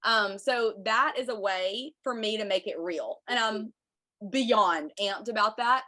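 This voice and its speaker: A woman's voice: mid-range voice, unhurried, bright, forceful tone. A woman, hosting a chatty, bubbly livestream for her viewers. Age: 30s. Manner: bubbly, chatty, says y'all a lot. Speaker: podcast host.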